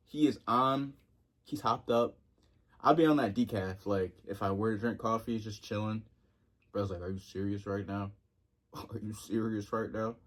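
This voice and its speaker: Slangy young man, low voice. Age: 20s. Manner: slangy and excitable, with jumps in pitch. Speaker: vintage clothing vlogger. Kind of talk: casual vlog talk.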